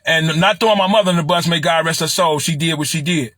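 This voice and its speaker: A middle-aged man from Chicago with a Chicago accent, talking on a livestream in an animated, preachy way and repeating phrases. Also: fairly high pitch, fast, no echo. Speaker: livestream commentator. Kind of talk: casual livestream talk.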